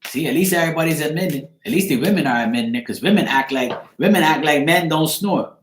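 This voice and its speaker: A man's voice: fairly high pitch, expressive, fast talker, reverberant. A man with a Bermudian accent, a tarot reader chatting casually on a live stream, greeting viewers by name and swearing freely.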